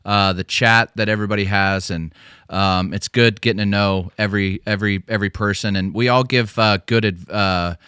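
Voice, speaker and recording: A man's voice: on the low side, fairly even intonation, moderate pace, bright, forceful tone, smooth, no echo, studio quality. A man co-hosting a casual podcast, telling stories full of fillers and restarts. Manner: rambling storytelling with many fillers and restarts. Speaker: podcast co-host.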